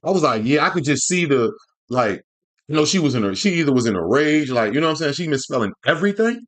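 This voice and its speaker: A man's voice: a little high, sing-song, fast talker, fairly bright tone. A man hosting casual reaction commentary, talking loosely and profanely, rambling, stumbling and repeating himself. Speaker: commentary host reacting to clips.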